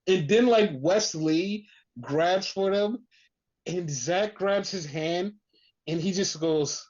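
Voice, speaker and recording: Wrestling podcast host rambling excitedly, cursing a lot, lots of "like", dull lo-fi sound. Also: medium pitch, slow. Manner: excited, profane storytelling with many "like" fillers. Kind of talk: casual wrestling recap chat. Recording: dull lo-fi recording.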